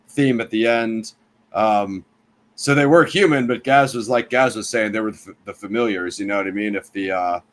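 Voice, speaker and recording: A man's voice: fairly low pitch, slight background noise. A man hosting a casual film review show, talking loosely with fillers and restarts. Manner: conversational, lots of fillers and restarts.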